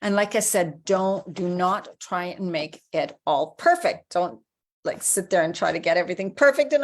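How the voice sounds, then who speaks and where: Encouraging woman coach, low voice. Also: lively intonation, measured pace. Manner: encouraging, conversational, acts out inner voices. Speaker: life coach. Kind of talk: motivational video talk.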